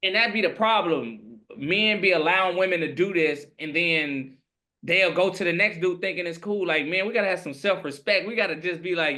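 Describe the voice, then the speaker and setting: A man's voice: high voice, normal speed, bright, forceful tone. A man on a discussion panel, talking emphatically and repeating his points.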